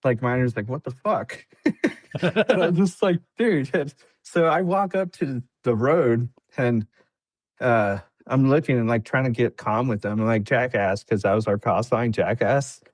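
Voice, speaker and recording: A man's voice: mid-range voice, measured pace, dry recording. A man on a podcast casually telling a story, laughing often and acting out what people said. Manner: laid-back, laughs often, acts out quotes. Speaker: podcast guest, veteran.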